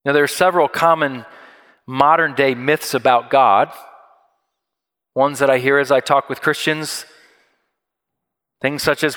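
A man preaching a sermon, explaining scripture and telling a story with animated, acted-out quotes. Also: mid-range voice, measured pace, pauses often, smooth, big-room sound. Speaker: pastor.

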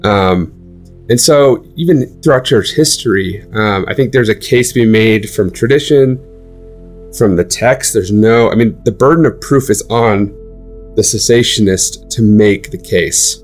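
Chatty man telling animated stories. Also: lowish voice, a little slow, soft background music. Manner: animated storytelling with many fillers. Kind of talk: casual chat.

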